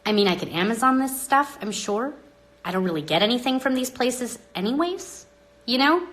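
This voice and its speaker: A woman hosting a live stream into her phone, talking dramatically and with exasperation, swinging between loud outbursts and hushed asides. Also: on the high side, animated, moderate pace. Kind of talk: rambling live-stream monologue.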